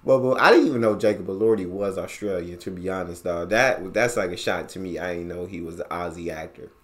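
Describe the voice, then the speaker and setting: An American man hosts a reaction video in an animated, slang-heavy way, talking back at what he watches. His voice sits somewhat low. He keeps the tone loose and chatty. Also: fairly quick. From United States. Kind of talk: casual reaction commentary.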